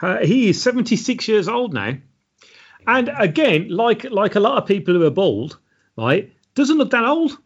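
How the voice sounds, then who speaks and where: A man chats casually as co-host of a film podcast, reading out trivia in a dry, matter-of-fact way. His voice sits a little high for a man. The recording sounds muffled and lo-fi. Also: very animated, moderate pace, slightly rough. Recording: dull lo-fi sound.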